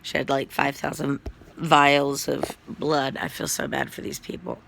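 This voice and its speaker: A man sick with COVID, coughing as he tells a rambling, foul-mouthed story to the camera. His voice is heavily gravelly but bright and forceful, and he talks slowly, stumbling through plenty of ums and uhs. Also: mid-range voice, completely flat delivery, slight background noise. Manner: rambling, profane storytelling with many fillers. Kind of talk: casual personal story to camera.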